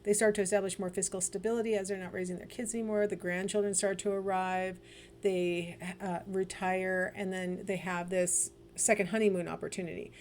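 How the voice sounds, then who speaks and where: A woman's voice: mid-range voice, level tone, fairly quick, a little mellow, slight background noise. A middle-aged woman gives a recorded lecture. Her delivery is chatty and digressive, full of fillers and small personal asides.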